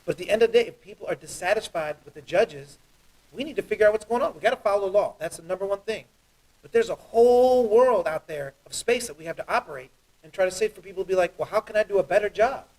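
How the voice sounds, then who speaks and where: Fast, earnest high-voiced man judge. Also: recorded from a distance, rough recording. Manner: earnest, fast, animated storytelling. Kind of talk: interview guest, heartfelt talk.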